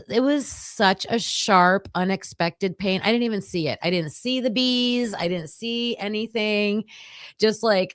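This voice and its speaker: A woman chats casually with her livestream viewers. She tells her stories in a lively, talkative way. Her voice sits at an average pitch, and the recording is dry and close. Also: smooth, no room sound. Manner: chatty, animated storyteller. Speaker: livestream host covering a trial.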